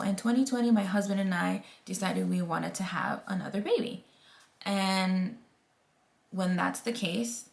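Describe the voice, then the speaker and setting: A woman's voice: mid-range voice, creaky. A woman in her thirties telling a personal story to camera in a casual, emphatic way. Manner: candid and emphatic, acts out quoted voices. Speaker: vlogger.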